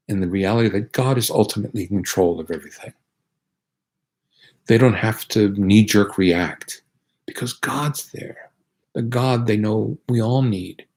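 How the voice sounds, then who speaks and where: A man's voice: lowish voice, a little mellow. A man, a priest, giving an earnest, conversational sermon with frequent restarts.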